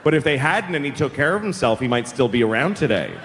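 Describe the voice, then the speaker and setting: A woman's voice: rumbling low, expressive, fast, a little hiss or hum, pitched below the performer's own voice. A man voicing a flustered, evasive suburban mother who backpedals as she talks, recorded live with a long hall echo. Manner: hesitant, backpedaling.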